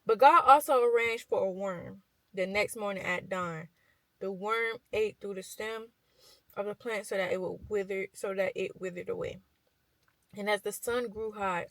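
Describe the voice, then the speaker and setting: A woman's voice: medium pitch, fairly bright tone, no room sound, low-quality recording. A young woman vlogger chatting as she retells a Bible story, with lots of fillers and slang.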